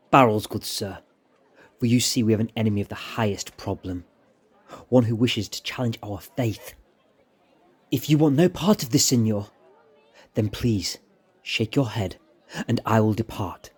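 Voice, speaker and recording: A man's voice: fairly low pitch, normal speed, long pauses, darkish tone, breathy edge. A man doing a sly, charming plotter. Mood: urgent.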